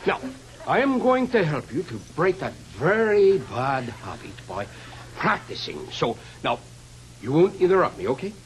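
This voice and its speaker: Bossy barking squad commander. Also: female voice, low voice, sing-song, a little slow, soft background music. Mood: bossy lecturing. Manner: barking orders, then fussily lecturing. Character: bossy, pompous firing-squad commander and etiquette enforcer. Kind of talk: sketch comedy acting. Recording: noisy old TV recording.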